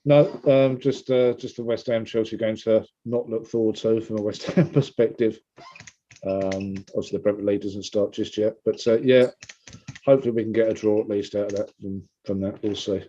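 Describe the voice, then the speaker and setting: A man's voice: lowish voice, steady tone, normal speed, dark tone, slight background noise. A man guesting on a football radio chat, talking easily about upcoming matches. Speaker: guest from a local football league. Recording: dull lo-fi sound.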